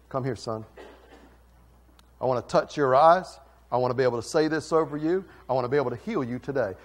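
A male pastor preaching a sermon, swinging from quiet, intimate lines to loud, fervent ones. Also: medium pitch. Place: church sanctuary.

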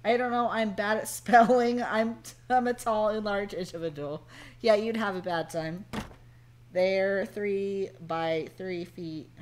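In a steady, slow, mid-range voice, a woman plays a game on stream and chats casually, trading jokes and banter with viewers and a cohost.

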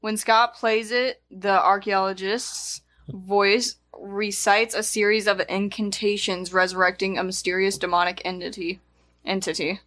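A woman's voice: medium pitch, flat delivery, a little slow, fairly bright tone. A woman co-hosting a movie podcast, reading a plot summary aloud in a casual chat and stumbling over some words. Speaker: podcast co-host.

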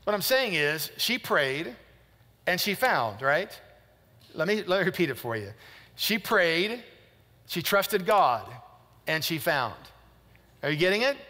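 Bright-voiced man preaching in a reverberant hall. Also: high-pitched. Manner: emphatic, repeats phrases, asks the audience questions. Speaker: pastor. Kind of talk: sermon.

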